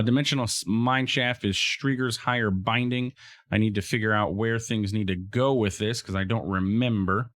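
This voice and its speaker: Chatty lower-voiced man playing a game. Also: a bit bright, no room sound. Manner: chatty, talks to game mobs, frequent fillers and restarts. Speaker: let's play host. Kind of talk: casual gameplay commentary.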